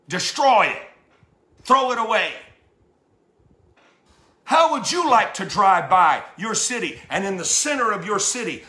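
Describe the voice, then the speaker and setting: High, bright-voiced man preaching fervently. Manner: fervent, stammering repetitions, rhetorical questions. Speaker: bishop preaching. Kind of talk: impassioned sermon. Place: church. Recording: echoey church sanctuary.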